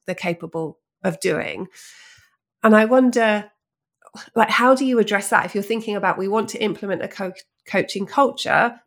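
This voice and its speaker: A woman's voice: mid-range voice, vocal fry. A woman hosting a podcast, asking conversational questions and thinking aloud with enthusiasm. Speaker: podcast host.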